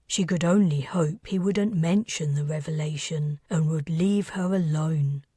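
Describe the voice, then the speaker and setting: Woman narrator, audiobook reading, unhurried, husky voice, tense dramatic delivery. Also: sits low, mellow, no echo, clean studio sound.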